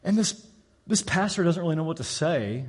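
A man's voice: fairly high pitch, lively intonation, a little fast, slightly rough. A man preaching a sermon in a church, telling a story and acting out the voices of its people. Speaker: pastor.

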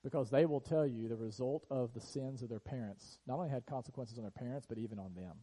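A man preaching in an earnest sermon style, his voice dark and mellow. He often sinks to a quiet hush to press a point, then lifts again. He is speaking in a church sanctuary. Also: mid-range voice, fast talker, low-quality recording. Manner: earnest preaching, drops to a hush on key lines. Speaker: pastor.

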